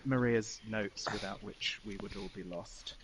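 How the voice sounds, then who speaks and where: A man's voice: fairly low pitch, measured pace, a crowd in the background, rough recording. A British man playing in an online tabletop game, chatting casually and self-mockingly with many trailing fillers. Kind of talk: casual chat on a group call.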